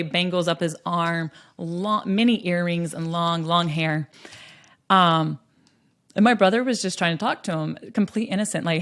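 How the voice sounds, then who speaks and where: A woman's voice: lowish voice, creaky. A woman from western North Carolina, talking as a podcast host in an earnest, storytelling manner with frequent ums. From western North Carolina, USA. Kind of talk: earnest conversational monologue.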